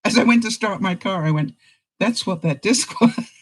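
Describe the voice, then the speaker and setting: A woman's voice: medium pitch, normal speed, breathy edge, rough recording. An older woman hosting a casual live-stream chat, talking straight to her viewers and laughing often. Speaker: vlogger host.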